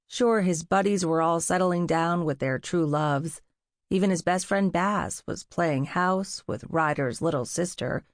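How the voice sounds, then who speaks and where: A woman narrating an audiobook in a steady, even storytelling manner, recorded in a studio. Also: fairly low pitch, gravelly, no room sound. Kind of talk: scripted narration.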